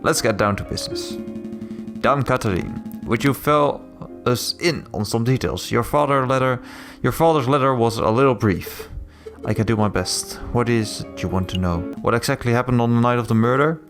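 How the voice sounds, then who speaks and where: A man's voice: medium pitch, normal speed, music in the background, lightly acted. A man voicing a pompous, greedy bird lawyer with a theatrical manner in a story game.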